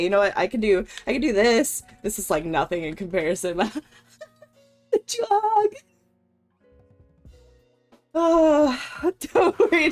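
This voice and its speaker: Emotional, laughing woman streamer. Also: on the high side. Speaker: game streamer. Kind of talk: casual live-stream chat.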